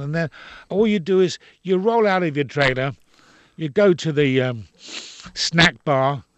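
An older man talks in an interview with emphatic, opinionated conviction, often repeating himself to drive a point home. His voice sits a little high for a man. The recording is dry and close, with no room sound. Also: no echo. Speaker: actor, interview guest. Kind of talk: casual interview talk.

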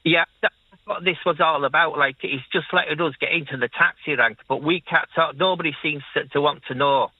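A man's voice: a little high, fairly quick, dry recording. Older caller, man in his sixties, Leeds-flavored Irish accent, chatty and repetitive, tinny phone sound with a dry feel. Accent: Leeds-tinged Irish. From Ireland. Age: 60s. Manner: chatty, rambling, repeats himself. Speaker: caller, taxi driver. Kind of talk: phone-in radio chat.

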